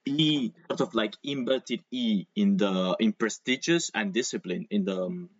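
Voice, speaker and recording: A man whose first language is Spanish teaches English over a video call. He explains patiently with examples and drawn-out pronunciation. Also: on the low side, no room sound, muffled recording. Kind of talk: online English lesson.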